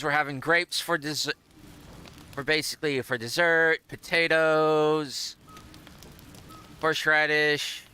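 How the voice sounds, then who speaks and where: A man's voice: a little high, bright, forceful tone, smooth. A man giving casual, rambling gameplay commentary and reading out dialogue choices, often hesitating and restarting. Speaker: gameplay streamer.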